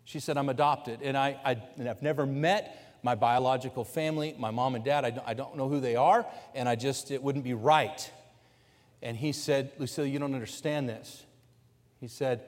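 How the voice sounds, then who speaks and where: A man's voice: mid-range voice, normal speed. A man, a pastor, telling a story from the pulpit in a conversational sermon style and voicing the people in it. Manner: conversational storytelling, voicing quoted people, building to loud preaching. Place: church sanctuary. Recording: long hall reverb from a church sanctuary.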